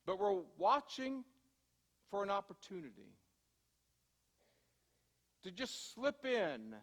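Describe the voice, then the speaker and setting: A male pastor with a very high voice delivers a sermon, ringing with the long reverb of a church hall. He talks conversationally, slowing for emphasis and hurrying through asides. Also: wildly swooping pitch, vocal fry, a bit bright. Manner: conversational storytelling, shifting from slow emphasis to quick asides. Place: church sanctuary.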